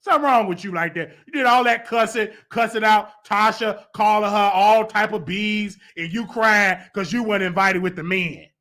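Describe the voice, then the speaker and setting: Sharp-voiced, heated male gossip host. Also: high voice, moderate pace, hardly any pauses. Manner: mocking, heated, sarcastic. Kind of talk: gossip commentary.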